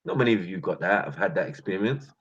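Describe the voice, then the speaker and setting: A man's voice: sits low, quick pace, breathy edge. A man from North London with a London accent, telling street stories in a laughing, slangy way. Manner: laughing, slangy, animated storytelling. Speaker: channel host. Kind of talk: casual storytelling monologue. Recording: dull lo-fi recording.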